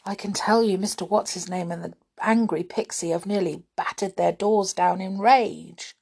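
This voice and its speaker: A woman voicing a small, worried male red squirrel in a children's storybook, with a breathy voice. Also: mid-range voice, fairly even intonation, moderate pace, a little mellow.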